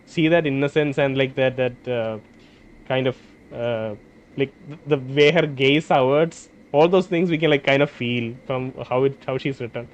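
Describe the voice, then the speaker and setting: A man playing a role-playing game, reading its dialogue aloud and thinking out loud between lines. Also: mid-range voice, unhurried, highs cut off, slight background noise. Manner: hesitant, restarts and fillers, reads dialogue in plain voice. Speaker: gameplay streamer.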